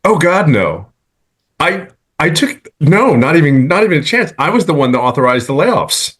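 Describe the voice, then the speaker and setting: A man's voice: fairly high pitch, very animated, normal speed, fairly bright tone. Earnest middle-aged man on a video call. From California. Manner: earnest, rambling with many restarts. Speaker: webinar guest speaker. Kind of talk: casual testimonial on a video call.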